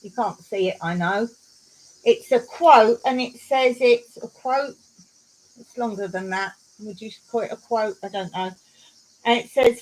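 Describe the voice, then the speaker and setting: Slow, giggly woman hosting a live stream. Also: medium pitch, darkish tone, a little hiss or hum, rough recording. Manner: giggly, tells jokes and reads viewer comments aloud. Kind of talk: casual live stream chat.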